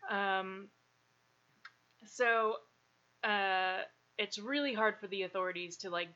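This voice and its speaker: A woman's voice: medium pitch, slow pace, sharp tone, muffled recording. A woman casually telling a true crime story as podcast co-host, laughing often and swearing freely.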